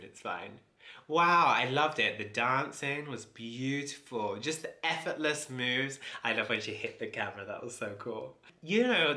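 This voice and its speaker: A man excitedly reacting to a dance video, gushing with frequent oohs and exclamations. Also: mid-range voice. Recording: echoey room with music underneath. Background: music playing.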